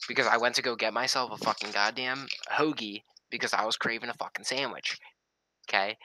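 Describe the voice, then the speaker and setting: A man's voice: mid-range voice, fairly even intonation, fairly quick, noisy background. A young man telling a story in casual, heavily profane talk. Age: young adult.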